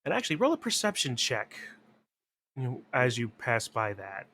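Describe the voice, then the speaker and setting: A man narrating a tabletop game as game master, describing scenes in a slow, measured way. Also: mid-range voice, wildly swooping pitch, sharp tone.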